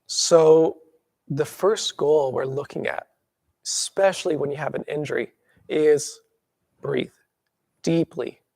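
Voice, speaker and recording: Gravelly-voiced man teaching a workshop. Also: on the high side, slow pace, long pauses, dry recording, clean studio sound. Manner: calm guiding breath cues, then animated explaining with acted-out reactions. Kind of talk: workshop teaching with guided breathing.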